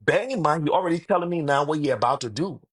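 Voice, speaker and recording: A man's voice: fairly high pitch, lively intonation, fast talker, breathy edge. A man, retelling conversations in a casual, emphatic, repetitive monologue. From Liberia. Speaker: online commentator.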